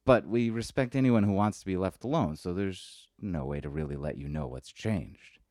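A man's voice: deep voice, moderate pace, darkish tone, no room sound, clean studio sound, pitched above the performer's own voice, close to an everyday voice. A man voicing a friendly, awkward android that rambles eagerly with little hesitations. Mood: chatty.

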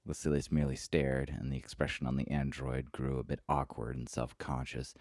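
A man narrating a story in a measured, unhurried way. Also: very deep voice, little pitch movement, darkish tone, no echo, studio quality.

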